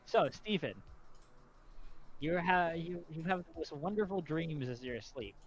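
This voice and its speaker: A man narrating a tabletop roleplaying game as game master, halting and restarting often. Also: fairly high pitch, slight background noise. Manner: halting, with many restarts and fillers. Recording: background music under voice.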